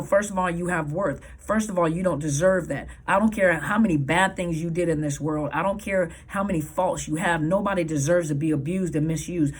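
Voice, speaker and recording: A woman's voice: lowish voice, slightly rough. A woman counselor giving earnest advice to viewers, emphatic and repeating her key points. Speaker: counselor and coach.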